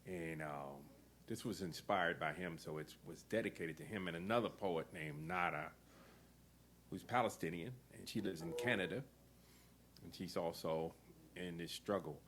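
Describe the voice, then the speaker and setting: A man with a low voice reads one of his essays to a live audience. His introductions ramble loosely, and then he moves into the reading proper. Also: moderate pace, a bit bright, slight background noise. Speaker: poet and event organizer.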